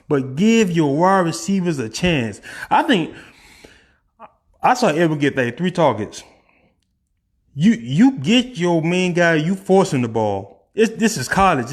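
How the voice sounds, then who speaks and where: Animated man ranting about football. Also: fairly high pitch. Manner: animated, opinionated, swings from fast to drawn-out. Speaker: sports vlogger. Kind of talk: casual sports rant.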